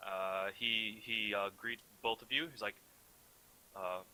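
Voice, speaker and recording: A young man narrates a tabletop role-playing session as game master. His voice is very bright, and he hesitates often, filling pauses as he describes scenes and explains rolls. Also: lowish voice, steady tone, low-quality recording. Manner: hesitant, filler-heavy narration.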